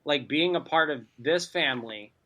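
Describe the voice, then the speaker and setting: Man, casual podcast chat, bright voice, rambling, filler-heavy. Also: fairly high pitch, normal speed, low-quality recording.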